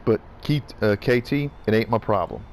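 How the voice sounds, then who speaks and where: A man's voice: lowish voice, normal speed. A man venting in a profane, repetitive rant while gaming, with faint background noise.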